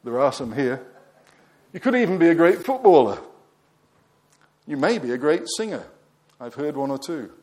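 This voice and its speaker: Emphatic preacher, fairly high voice. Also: male voice, big pitch swings, normal speed, long pauses. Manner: emphatic, asks the congregation questions, voice drops quiet at phrase ends. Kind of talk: sermon.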